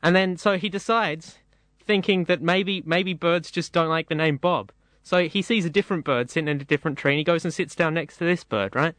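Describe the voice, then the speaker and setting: Man, casual joke-teller, rambling and animated, slightly high, dry studio sound. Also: fairly quick, no echo. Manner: rambling, animated storytelling with voiced bits. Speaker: panelist telling a joke.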